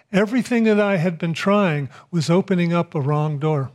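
A man giving a spiritual talk, telling a personal story in a reflective, unhurried way with pauses. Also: sits high, darkish tone. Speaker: speaker.

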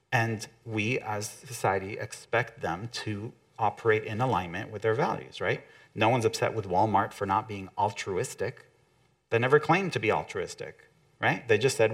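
A man's voice: lowish voice, animated, a little fast, creaky. A man giving a conversational motivational talk to an audience, often acting out quotes from other people.

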